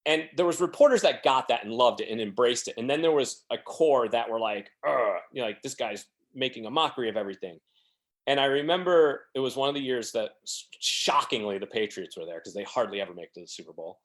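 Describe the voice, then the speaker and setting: A man's voice: mid-range voice, animated, fast talker, few pauses. A man telling rambling, self-deprecating stories as a podcast guest, acting out the quotes of other people. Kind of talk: casual storytelling.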